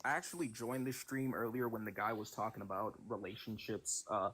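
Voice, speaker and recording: A man's voice: on the low side, steady tone, fairly quick, a bit bright, husky. A man talking as a guest on a live stream, rambling and repeating words while he thinks through a point. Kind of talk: casual debate chat.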